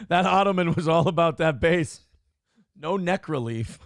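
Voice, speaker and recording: Brief: male morning-show co-host, gravelly and fairly high-voiced, swearing and joking through casual banter. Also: moderate pace, no room sound, clean studio sound. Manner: profane, joking, animated riffing.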